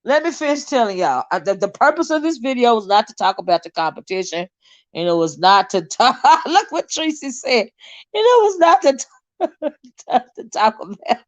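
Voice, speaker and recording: High-voiced laughing woman livestream host. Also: animated, moderate pace, dry recording. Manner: laughs often, teases her chat, sidetracked and rambling. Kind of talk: casual live-stream chat reading viewer comments.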